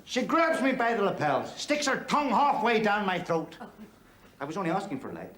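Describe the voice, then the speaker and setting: A brash Belfast club comic. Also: male voice, sits high, sing-song, moderate pace, crowd noise. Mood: bawdy. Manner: brash, bawdy joke-telling patter. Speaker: stand-up comedian. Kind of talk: stand-up comedy performance in a TV drama. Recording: echoey club hall with laughing audience.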